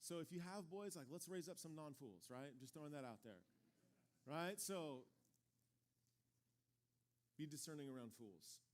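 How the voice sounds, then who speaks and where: A man's voice: fairly high pitch, normal speed, pauses often. A man in his forties giving a casual, conversational sermon as pastor, telling stories and acting out the people in them. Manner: animated storytelling, acts out quoted voices. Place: church sanctuary.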